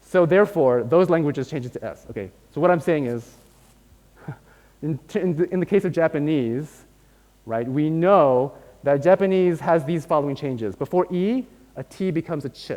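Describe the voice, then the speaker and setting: A man's voice: on the high side, moderate pace, dark tone. A man giving a university lecture, explaining step by step and often checking in with "right?". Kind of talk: academic lecture. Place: lecture hall. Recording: long hall reverb.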